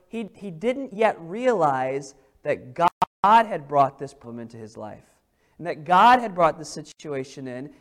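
A man preaching a sermon, reading scripture aloud and repeating phrases for emphasis, dropping to soft, slow words to stress a point. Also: high-pitched. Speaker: pastor.

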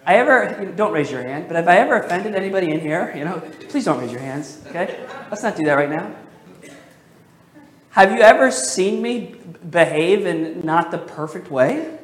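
A man's voice: sits high, animated, fairly bright tone. Man preaching an interactive church sermon. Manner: interactive, questions the congregation; emphatic, slows down on key phrases. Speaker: pastor. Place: church sanctuary.

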